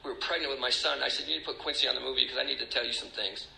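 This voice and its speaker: A man's voice: mid-range voice, steady tone, rapid-fire, gravelly, bright, forceful tone, echoey room, low-quality recording. A middle-aged man speaking as a recovery speaker, emotional and confessional, rambling with restarts. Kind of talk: personal testimony talk.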